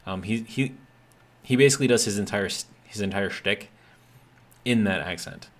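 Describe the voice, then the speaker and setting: A man's voice: on the low side, normal speed. A man with a Midwestern American accent, chatting casually while streaming a game, rambling through bemused asides full of "like". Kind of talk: casual gameplay commentary.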